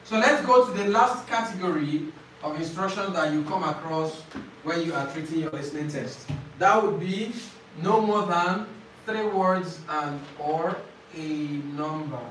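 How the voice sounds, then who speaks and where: A man with a fairly high voice teaches a class, explaining slowly, repeating key phrases and quizzing his students. He is recorded from a distance in a very echoey classroom. Faint background noise sits under his voice. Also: a bit bright. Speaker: IELTS tutor.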